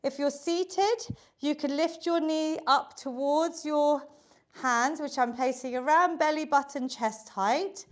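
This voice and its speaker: High-voiced upbeat woman fitness instructor. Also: slow. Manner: upbeat, encouraging, counts reps aloud. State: slightly out of breath. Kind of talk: live online workout class.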